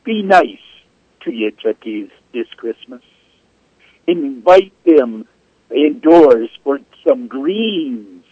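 A man's voice: medium pitch, animated, very slow, husky, dry recording, exaggerated voice. A man reading a poem aloud with a put-on Jamaican accent, in a rhythmic, chanting delivery. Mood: playful. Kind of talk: poetry reading. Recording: lo-fi radio sound.

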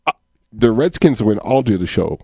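A man's voice: on the low side, sing-song, normal speed, vocal fry, mellow, husky, no echo. A man hosting a poetry radio show, bantering loosely and laughing often with his co-hosts.

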